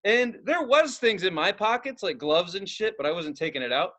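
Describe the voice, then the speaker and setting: A podcast co-host with a high voice talks at a normal speed, telling a comedic story packed with profanity. He's animated, swears constantly, and acts out every person in the tale.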